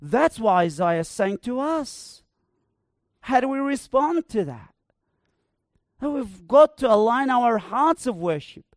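A male preacher delivers a sermon in a high, unhurried voice. He builds to emphatic proclamations and lingers on repeated words. The sound is dry and close. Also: big pitch swings, dry recording. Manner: emphatic, rising to proclaim with slow repeated phrases.

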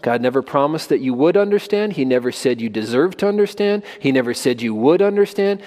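A man's voice: mid-range voice, lively intonation, a little fast, hardly any pauses, a little mellow. A man preaching a sermon to children in an emphatic way, often putting questions to them. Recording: long reverb of a large hall.

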